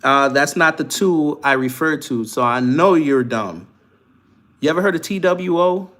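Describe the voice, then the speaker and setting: A man's voice: fairly high pitch, measured pace, a bit bright. A man hosting a livestream, giving casual political commentary and mocking commenters in a vernacular American accent. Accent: African American Vernacular English. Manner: mocking, trash-talking commenters, laughing. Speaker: livestream host.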